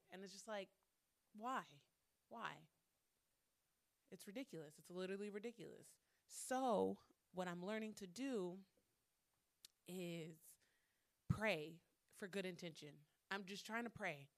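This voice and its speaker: A woman's voice: fairly low pitch, a bit bright, dry recording. A woman vlogging casually to her viewers, talking frankly with lots of swearing, repeating phrases and laughing between lines. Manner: candid, profane, talks herself through anger with repeated phrases. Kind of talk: casual monologue to camera.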